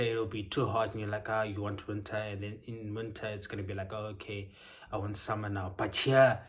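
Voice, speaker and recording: Chatty man, low voice. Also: a bit bright. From South Africa. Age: young adult. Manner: chatty, upbeat, frequent ums. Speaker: vlogger. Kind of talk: casual vlog chat.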